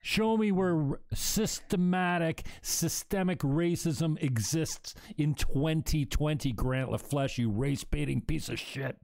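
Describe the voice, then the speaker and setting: A man's voice: fairly high pitch, measured pace, creaky, few pauses, a little mellow. A man hosting a talk show, speaking bluntly and emphatically, with frequent profanity. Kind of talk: heated opinion talk.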